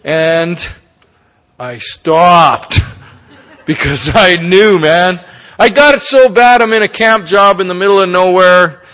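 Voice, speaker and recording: Middle-aged man, pitched a bit high, frank and salty recovery talk, recorded in an echoing hall. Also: slow, fairly bright tone. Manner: candid, profane, folksy with tag questions. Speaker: speaker at a recovery meeting. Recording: long reverb of a meeting hall.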